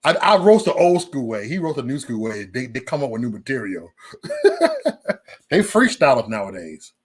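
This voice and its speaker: A man hosting a casual livestream, joking loudly and cursing, breaking into laughter often. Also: mid-range voice, big pitch swings, a little fast, breathy edge. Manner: loud, joking, profane banter with frequent laughs. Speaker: live stream host.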